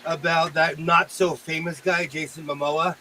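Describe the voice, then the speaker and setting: A man's voice: on the high side, little pitch movement, moderate pace, sharp tone, slight background noise, poor audio. An American man chatting casually with friends, projecting his voice and laughing often. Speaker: podcast co-host. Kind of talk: casual group chat.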